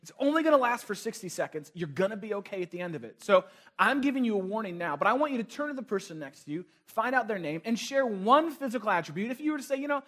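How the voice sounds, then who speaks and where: Playful high-voiced male pastor. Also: very animated, quick pace, fairly bright tone. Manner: conversational, playful, asks the crowd questions. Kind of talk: sermon.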